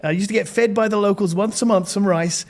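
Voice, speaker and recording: A man's voice: high-pitched, fast talker, voice pushed up. A man doing a laid-back American surfer dude. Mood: easygoing. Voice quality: drawling, loose put-on accent. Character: laid-back tall male surfer type, former renunciate.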